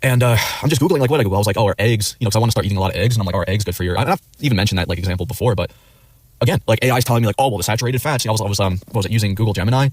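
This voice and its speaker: A man's voice: lowish voice, very fast, darkish tone, dry recording. A man livestreaming, chatting casually in a rambling way, swearing often and acting out quoted replies. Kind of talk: casual rambling stream chat.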